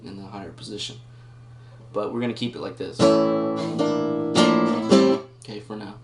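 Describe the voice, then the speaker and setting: In a fairly low voice at a moderate pace, a guitar teacher walks through a casual lesson on rhythm, counting beats aloud as he reasons it out. The recording is roomy and features his own loud guitar playing.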